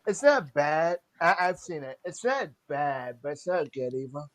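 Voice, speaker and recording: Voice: mid-range voice, big pitch swings, unhurried. A speaker with a mid-range voice keeps remarks short in a casual podcast chat. They steer the group on to the next topic without fuss. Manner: moves the talk along, brief remarks.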